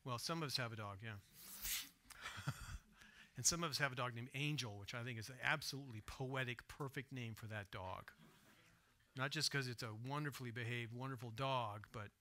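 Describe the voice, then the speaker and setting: Bright-voiced preacher with a dramatic delivery. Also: male voice, mid-range voice, normal speed, a little hiss or hum. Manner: dramatic, shifting from soft hushed retelling to loud emphatic asides; asks the congregation direct questions. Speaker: pastor. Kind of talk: sermon. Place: church sanctuary.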